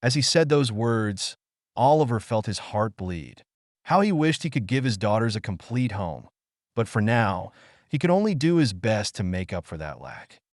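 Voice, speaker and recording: A man narrates a melodramatic audio story in a scripted, dramatic manner. His pitch moves in a lively way. The recording is dry and close. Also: moderate pace, no echo.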